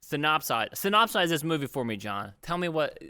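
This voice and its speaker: A man's voice: on the high side, very animated, brisk, sharp tone, clean tone, no room sound. A young man hosting a film podcast, upbeat and jokey, steering the conversation. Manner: upbeat, jokey, leads the talk. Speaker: podcast host. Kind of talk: casual film review chat.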